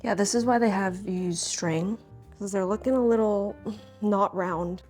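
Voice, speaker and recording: A woman's voice: mid-range voice, normal speed, a little mellow, soft background music. A young woman chatting casually to camera while baking in her home kitchen, talking to herself and a bit flustered. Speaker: home baker vlogger. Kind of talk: casual baking vlog chat.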